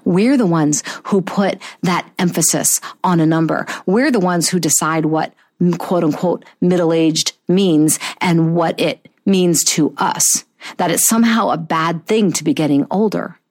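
A woman in her fifties hosting a motivational talk show, earnest and encouraging, slowing down to stress key phrases. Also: lowish voice, darkish tone. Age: 50s. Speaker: podcast host.

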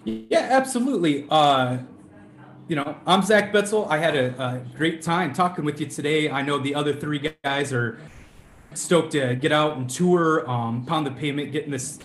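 A man's voice: on the high side, normal speed, reverberant, slight background noise. A man with a Minnesota accent, a musician guest chatting casually from home, friendly and laid-back, laughing often. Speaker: band member guest. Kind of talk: casual interview chat.

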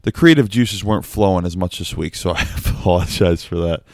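A young man casually telling a story at home with a quiet voice, laughing at himself and dropping apologetic asides. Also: low voice, fairly quick, no echo, studio quality. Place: home at night, kept quiet.

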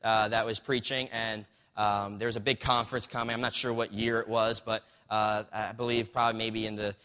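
A man preaching a casual, story-driven sermon, often checking in with the crowd through quick rhetorical asides. His voice is bright and forward. It rings out with a long reverb, as if in a large hall. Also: on the low side, level tone, clear, resonant tone. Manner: conversational, storytelling with acted quotes, frequent "right?" asides.

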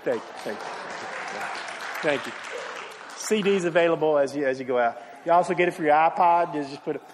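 In a church sanctuary, a pastor with a voice on the high side speaks briskly, telling a story within his sermon, acting out quotes and singing briefly. Long church hall reverb fills the recording, along with some chatter and slight background noise.

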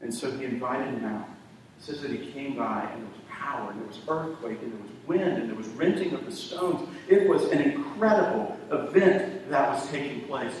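Male pastor mid-sermon, shifts from forceful to quiet, recorded from afar in a reverberant sanctuary with faint background noise. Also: medium pitch, moderate pace. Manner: preaching with swells from loud emphasis to near-hushed tones. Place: church sanctuary. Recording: echoey hall from far off.

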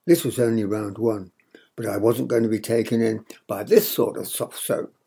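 An older man reading his memoir aloud in a measured, wry storytelling manner. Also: lowish voice, steady tone, vocal fry, dark tone, husky. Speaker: narrator.

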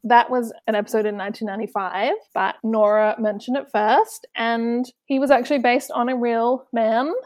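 A woman's voice: a little high, fairly even intonation, normal speed, few pauses, a little mellow, no room sound. A woman co-hosting a casual film podcast, talking enthusiastically and acting out lines she quotes. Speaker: podcast co-host.

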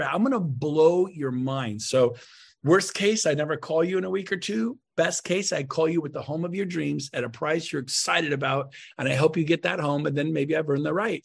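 A man, a real estate agent and podcast guest, giving coaching tips in an energetic way and acting out sales conversations with big swings in his voice. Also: on the high side, creaky, husky.

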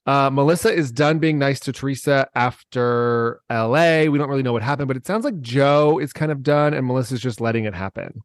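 A man's voice: mid-range voice, a little fast, hardly any pauses, no room sound. Chatty man with a dry sound. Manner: chatty, joking, laughs often. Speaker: podcast co-host. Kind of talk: casual chat recapping a reality show.

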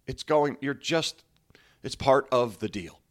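A man who coaches basketball, hosting a motivational podcast in an earnest, conversational way, slowing down to stress the lines he quotes. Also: mid-range voice, lively intonation. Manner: conversational, asks listeners "okay?" and "right?".

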